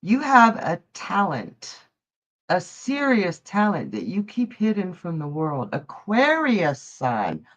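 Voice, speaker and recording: A middle-aged psychic reader does readings on a live stream, chatty and jokey and laughing often. Her lowish voice swings hugely in pitch, moves at a slow pace and has a fairly bright tone, all over dull lo-fi stream audio.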